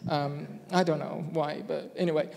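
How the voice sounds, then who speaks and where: A man preaching a conversational sermon with deliberate, emphatic phrasing and self-deprecating asides, recorded in a church hall. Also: on the high side, little pitch movement, vocal fry, darkish tone. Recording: long reverb in a church hall.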